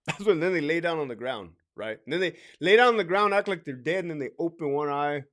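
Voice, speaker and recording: A man's voice: a little high, expressive, fairly quick, a bit bright. A middle-aged man and former corrections officer giving blunt, profane advice in a casual monologue. He laughs often and acts out other people's lines.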